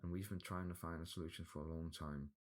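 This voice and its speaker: A calm, steady leader who lays out plans in a very deep voice, as a man reads him out. Storybook hero's guide. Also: fast talker, close to an everyday voice.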